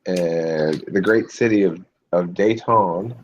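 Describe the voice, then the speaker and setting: A man's voice: low voice, slow pace, slight background noise, low-quality recording. A man hosting a casual chat with friends, talking with dry, wry humor. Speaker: host chatting with friends.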